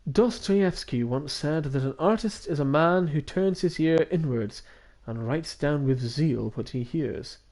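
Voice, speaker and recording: A man's voice: a little high, measured pace, a little mellow. A man voicing a haughty aristocratic young male bird student in a visual novel, speaking in a pompous, formal, disdainful manner. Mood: aloof.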